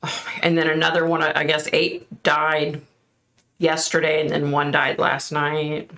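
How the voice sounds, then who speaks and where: A woman's voice: deep voice, completely flat delivery, a little slow, fairly bright tone. A woman hosting a casual livestream, chatting and reacting aloud to viewer comments. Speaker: livestream host.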